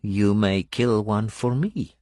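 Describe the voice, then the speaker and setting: A man voicing a bleak foreign woman, slow and wary. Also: rumbling low, dark tone, no echo, clean studio sound, voice pushed up, heavily acted. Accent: foreign-sounding. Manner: slow, measured, bleak delivery. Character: wary, bitter foreign woman, skeptical and grave. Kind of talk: audiobook character voice.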